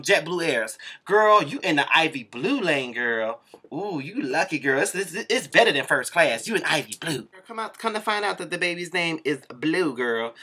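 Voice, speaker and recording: A man's voice: high voice, sharp tone. A man doing a sassy, profane comedic gossip rant, tagging nearly every line with "girl". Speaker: vlogger doing a comic rant. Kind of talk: camp comedic gossip monologue.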